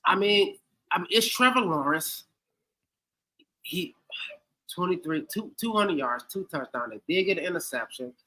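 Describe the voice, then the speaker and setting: A man's voice: sits high, expressive, normal speed, long pauses, sharp tone, poor audio. A man co-hosting a casual sports podcast, giving game grades in a playful, rambling way, often saying "like I said". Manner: repeats "like I said", playful.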